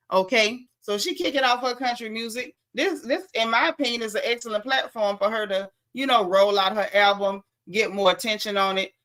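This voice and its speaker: A woman with a medium-pitched, sharp-toned voice and a Southern American accent hosts a casual gossip show. She's sassy and blunt, speaking directly to her viewers.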